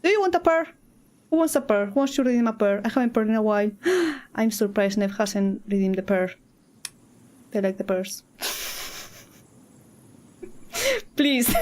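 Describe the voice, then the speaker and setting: Giggly, playful streamer. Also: female voice, a little high, unhurried, pauses often, a little mellow, slight background noise. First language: Spanish. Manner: playful and giggly, with many restarts. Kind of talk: casual gameplay streaming chat.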